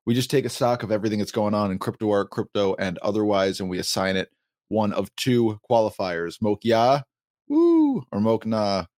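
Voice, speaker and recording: A man's voice: fairly low pitch, steady tone, a little fast, darkish tone, no echo, clean studio sound. A man hosting a podcast, chatting casually and explaining things at length with small laughs. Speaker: podcast host.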